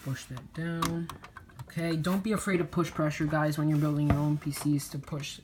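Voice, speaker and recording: A woman's voice: sits low, level tone, moderate pace, background noise. A woman casually talking viewers through building a computer, chatty and a little slurred. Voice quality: slurred speech. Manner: chatty, addresses viewers as guys. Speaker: PC builder vlogger.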